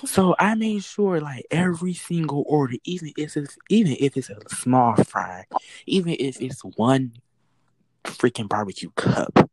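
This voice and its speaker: A woman who works a fast-food drive-thru window, telling a work story in casual chat, acting out the quoted exchanges and swearing freely. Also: sits low, expressive, darkish tone, breathy edge, no room sound, rough recording.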